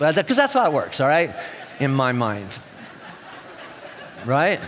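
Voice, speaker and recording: A man preaching a sermon in a casual, animated storytelling way, acting out the people in his stories. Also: on the high side, normal speed, pauses often, in a large hall. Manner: conversational, animated storytelling with acted-out quotes. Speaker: pastor. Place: church auditorium.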